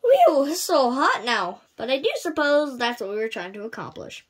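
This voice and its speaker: A woman's voice: high-pitched, big pitch swings, normal speed, breathy edge. A woman giving casual, playful commentary while playing a video game, often crying out at what happens. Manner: playful, exclaims and cries out at the game.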